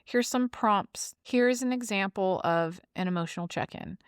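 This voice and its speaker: A woman hosts her own podcast in a casual monologue, blunt and emphatic, with frequent swearing. Her voice sits at a middle pitch and sounds smooth and clear. The recording is dry and close, with no room sound. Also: normal speed, no echo. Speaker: podcast host.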